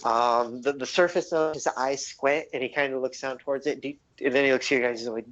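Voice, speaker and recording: A young man narrating a tabletop game as game master, halting with many fillers. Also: mid-range voice, fairly even intonation, a bit bright. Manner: halting, many ums and likes. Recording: dull lo-fi audio.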